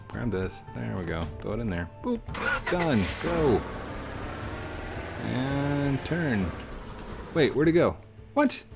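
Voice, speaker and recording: A man's voice: medium pitch, gravelly. A man casually commenting while he plays a building game, chatting to himself and his viewers. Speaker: let's play host.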